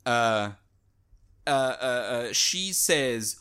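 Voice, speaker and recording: A man co-hosting a casual chat about a video game, animated and quick to act out little voices. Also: mid-range voice. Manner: animated, does little voice impressions. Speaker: podcast co-host.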